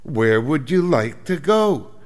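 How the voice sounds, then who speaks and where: Man putting on a squeaky, snooty woman clerk at a travel counter, high and thin, long hall reverb. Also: very animated, slow pace, a little mellow. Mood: prim. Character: prim female travel agent, impatient and sneering.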